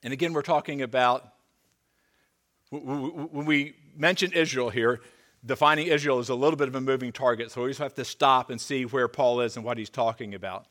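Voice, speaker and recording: A pastor preaching to his congregation in a church, his voice at an ordinary middle pitch for a man. He reads scripture with rising emphasis and turns chatty in his asides, often stumbling and restarting. The delivery stays lively and conversational. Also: a little fast. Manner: animated, emphatic when reading scripture, with stammered restarts and asides. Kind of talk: sermon. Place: church sanctuary.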